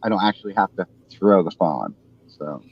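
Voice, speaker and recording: Forties man, slow halting chat. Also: low voice, expressive, highs cut off. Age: 40s. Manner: halting, self-deprecating, restarts often. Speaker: show host. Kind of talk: casual live panel chat.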